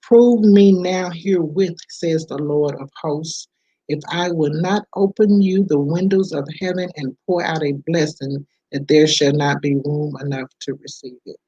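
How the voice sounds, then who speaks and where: A woman reading a self-help book aloud, unhurried, with casual asides between passages. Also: low-pitched, steady tone, mellow, breathy edge, no echo, highs cut off. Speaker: book reader.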